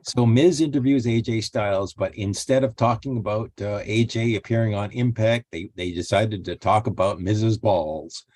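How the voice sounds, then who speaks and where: A man with a fairly low voice recaps events in a plain, laid-back manner. His delivery is matter-of-fact, with small hesitations. The sound is dry and close. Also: steady tone, normal speed, few pauses, a little mellow, no room sound. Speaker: podcast co-host. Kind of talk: casual show recap.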